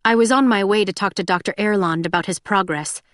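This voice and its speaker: A woman's voice: mid-range voice, a little fast, no echo, clean studio sound, lightly acted. A woman voicing a weary young prince. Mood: subdued. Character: young male prince, weary, quietly teasing.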